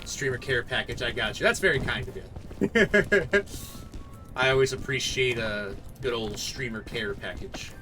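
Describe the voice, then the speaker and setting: A man streaming a game live, commenting excitedly, thanking viewers and laughing often. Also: mid-range voice, measured pace, music in the background.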